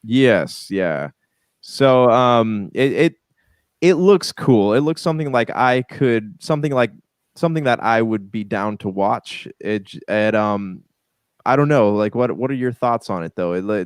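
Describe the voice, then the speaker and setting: Man, podcast co-host, low voice, hesitant, lots of ums, dry close recording. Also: measured pace, clean tone, dry recording. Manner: hesitant, many ums and restarts. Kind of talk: casual pop culture chat.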